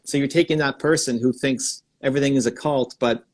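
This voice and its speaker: A man in mid-range pitch hosts a live stream, coaching a guest with excited energy. He thinks out loud, restarts his sentences and speeds up in bursts as ideas come to him. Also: brisk.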